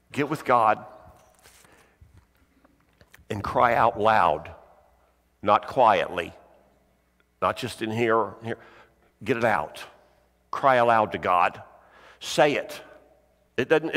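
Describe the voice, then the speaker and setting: A middle-aged male pastor delivering a sermon with earnest, repetitive exhortations and frequent throat clearing. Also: medium pitch, animated, slow pace, pauses often, fairly bright tone. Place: church sanctuary. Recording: long hall reverb.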